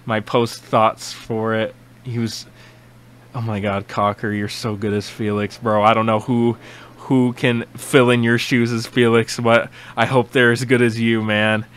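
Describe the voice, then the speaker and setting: Excitable young guy gushing and swearing through a reaction video, bright, crisp voice. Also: mid-range voice, a little slow. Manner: excitable, swearing, rambling with restarts. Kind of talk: casual reaction commentary.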